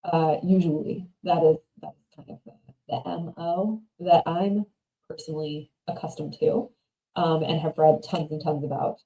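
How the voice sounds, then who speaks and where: Woman streamer, casual reaction chat, opinionated and giggly, mellow dark voice, roomy echo. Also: low-pitched, steady tone, a little slow. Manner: chatty, opinionated, laughs often, trails off into mumbles. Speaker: streamer reading and reacting to online stories. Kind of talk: casual livestream commentary.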